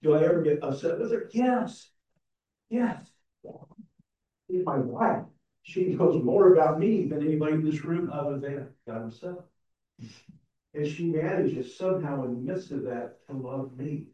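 A man's voice: a little high, measured pace, long pauses, warm tone. Man preaching a sermon in a roomy church. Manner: conversational and self-deprecating, with many restarts. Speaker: pastor. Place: church sanctuary. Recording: roomy, distant, dull sound.

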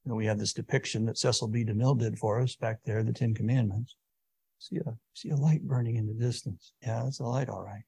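A man preaching a sermon, swinging from hushed, drawn-out words to sudden booming emphasis. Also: steady tone, gravelly, slightly rough.

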